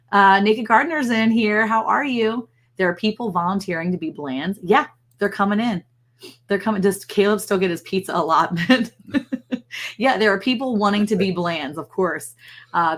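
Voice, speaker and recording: Middle-aged woman, livestream host. Slightly low voice, chatty and gushing, animated storyteller. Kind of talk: casual livestream chat.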